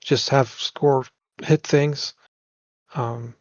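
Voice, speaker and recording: A man's voice: medium pitch, steady tone, very slow, no room sound. A man playing in a tabletop game, casual and offhand. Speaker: player. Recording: dull lo-fi line with faint noise.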